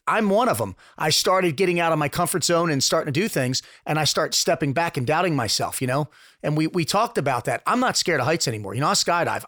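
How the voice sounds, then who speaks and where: A man co-hosting a casual podcast interview, speaking in a halting, heartfelt way with many filler phrases. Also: on the high side, a bit bright, no room sound, studio quality. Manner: halting, full of "you know", heartfelt. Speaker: podcast co-host.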